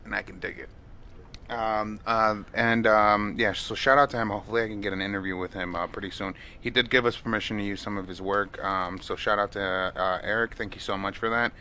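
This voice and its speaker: A man co-hosts a casual podcast with a bright, forward voice set a bit low. He rambles, leaning on fillers and restarting his thoughts. Faint noise sits in the background. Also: steady tone, brisk. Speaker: podcast co-host. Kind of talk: casual chat.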